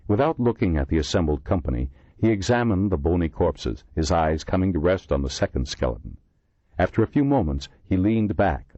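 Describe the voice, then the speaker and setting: A deep-voiced man narrating an audiobook with a lively, expressive pitch. The recording is dry and close, slightly dull and lo-fi. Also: dry recording. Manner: measured storytelling with many voices. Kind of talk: scripted narration.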